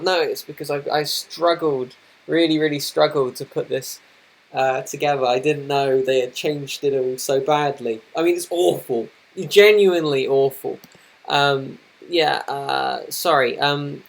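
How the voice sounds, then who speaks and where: Young guy, slightly high voice, casual live-stream chat, keeps apologizing and restarting sentences. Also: moderate pace. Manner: flustered, apologetic, rambling with many restarts. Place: indoors at his computer. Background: noisy laptop fan.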